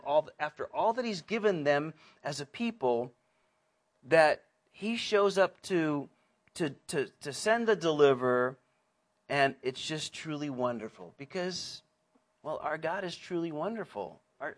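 Male pastor, slightly higher voice, conversational and earnest Bible teacher with rambling asides. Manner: chatty and earnest, with many restarts and asides. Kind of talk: conversational sermon.

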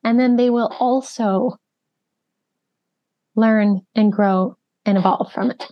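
A chatty woman hosts a podcast, her voice pitched fairly high. She tells stories loosely, leaning on fillers as she goes. The audio is dull and muffled, with a lo-fi sound. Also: steady tone, slow. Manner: chatty storytelling with frequent fillers. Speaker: podcast host. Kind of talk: casual podcast conversation.

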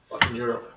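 A man co-hosting a casual podcast chat, chiming in with brief, laid-back remarks. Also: recorded from a distance. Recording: roomy, off-mic, faint background noise.

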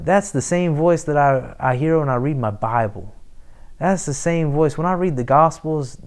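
Male pastor, mid-pitched voice, slow, measured preaching that drops to hushed asides. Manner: slow, emphatic preaching with soft, near-whispered asides. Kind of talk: sermon.

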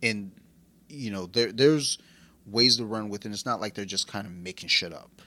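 A man co-hosting a casual podcast chat, talking in a rambling, profane and excitable way. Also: lowish voice, moderate pace, slight background noise. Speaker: podcast co-host.

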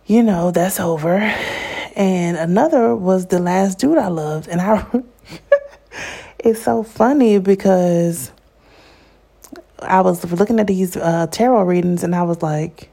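Slow, gravelly-voiced young woman. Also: lowish voice, mellow. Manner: candid, chatty, laughs often. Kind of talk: casual storytime monologue.

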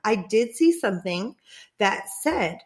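A young woman telling a story in casual chat, animated, swearing freely and often laughing. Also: mid-range voice, unhurried.

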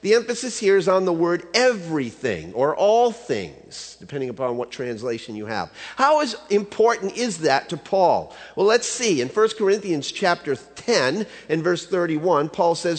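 A man's voice: sits high, sing-song, a little slow. A man preaching a sermon as a pastor, in a conversational way that keeps asking the audience rhetorical questions. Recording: reverberant hall.

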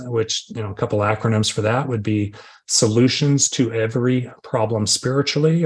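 With a fairly low, somewhat mellow and slightly rough voice, a middle-aged man from Arizona, USA, shares his recovery story. He's candid and self-deprecating, playing out his inner voices aloud.

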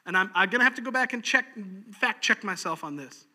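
A man's voice: high-pitched, expressive, fairly quick, sharp tone, long reverb tail. A man preaching a sermon in a folksy, practical way, chuckling often. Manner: folksy, practical, laughs easily. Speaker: pastor.

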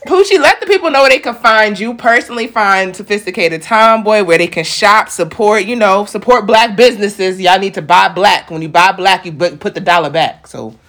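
A woman's voice: medium pitch, a little fast, few pauses, fairly bright tone. A woman hosting a podcast who is upbeat and encouraging with her guest, talks straight to listeners, and. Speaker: podcast host. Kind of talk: casual podcast interview.

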